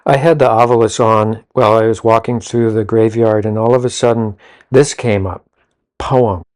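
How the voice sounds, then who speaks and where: Male co-host, low pitch, plain matter-of-fact narration. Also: fairly even intonation, moderate pace, a little mellow. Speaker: paranormal investigator co-host. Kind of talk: casual narration.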